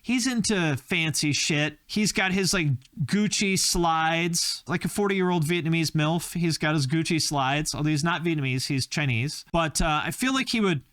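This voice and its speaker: A man's voice: a little high, a bit bright, dry recording, studio quality. A man hosting a YouTube channel, rambling through a joking, casual commentary full of tangents. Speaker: YouTube host.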